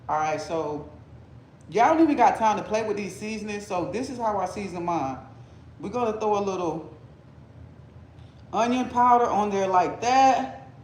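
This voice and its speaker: A man with a very high voice runs a casual cooking livestream from his kitchen. He jokes, teases, and hypes up his viewers in a loose, chatty way. The sound bounces around an echoey room with a faint hiss underneath. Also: lively intonation, normal speed, pauses often. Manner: playful, hyped, teasing chat.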